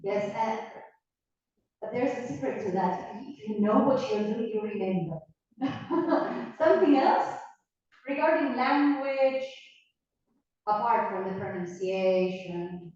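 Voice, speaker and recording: Woman lecturer, Argentine accent, native Spanish speaker, unhurried and encouraging; muffled recording in an echoey classroom. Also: mid-range voice, darkish tone. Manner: slow, encouraging, asks questions and repeats words. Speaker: teacher. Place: university classroom. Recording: echoey classroom, distant mic, dull sound.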